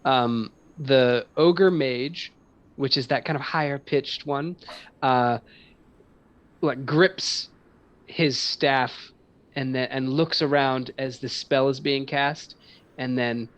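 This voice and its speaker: A man narrating as game master in a tabletop game, relaxed and laughing often, with many ums. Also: medium pitch, slow pace, muffled recording. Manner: relaxed, chuckling, filler-heavy.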